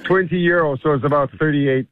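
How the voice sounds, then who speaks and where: A man calling in to a radio show, talking in a deliberate, measured way. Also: on the high side, fairly even intonation, crowd noise. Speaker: caller. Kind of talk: phone call to radio. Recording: tinny phone line.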